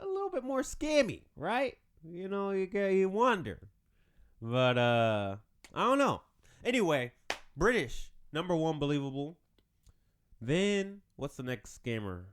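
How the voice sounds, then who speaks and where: A man's voice: a little high, clean tone. A man hosting a podcast, rambling through a casual comedic monologue and laughing at his own jokes. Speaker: podcast host.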